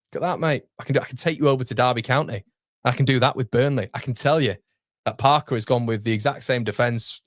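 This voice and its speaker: A man's voice: mid-range voice, no room sound, studio quality. A man in his thirties with a Yorkshire accent, hosting a casual live football watchalong, chatty and calling everyone mate. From England. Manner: chatty, reads out chat messages, calls everyone mate. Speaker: fan channel host.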